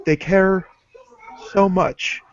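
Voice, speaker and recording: A man's voice: sits high, fairly even intonation, extremely slow, a little hiss or hum, voice pushed up. A man voicing a solemn male spirit who speaks for the gods, with grave, portentous pronouncements. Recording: dull lo-fi dry recording.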